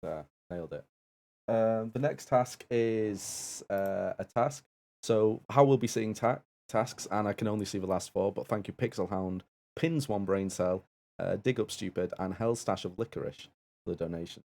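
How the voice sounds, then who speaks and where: A man's voice: lowish voice, moderate pace, vocal fry, dark tone. A man co-hosting a live-streamed game show, moving things along with jokey, self-mocking remarks. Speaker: game show assistant and co-host.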